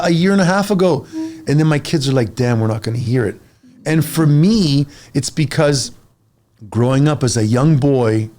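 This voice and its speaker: This mid-range voice belongs to a forty-something fitness coach in a casual podcast chat. He's blunt and energetic, pushing his listeners with emphatic advice.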